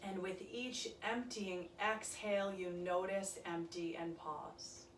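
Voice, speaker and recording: A woman leading a yoga class, giving calm, soft-spoken cues through breathing and stretches. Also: fairly low pitch, slow, a little hiss or hum. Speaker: yoga instructor. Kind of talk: guided yoga class instruction. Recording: echoey room, voice from a distance.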